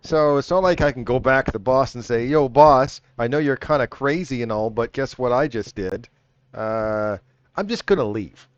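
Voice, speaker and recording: A man's voice: mid-range voice, normal speed, no room sound, lightly acted. A man playing a nervous female bandit. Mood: nervous bargaining. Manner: nervous, pleading for her life. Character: surrendered female forest bandit, wary. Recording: dull dry lo-fi audio.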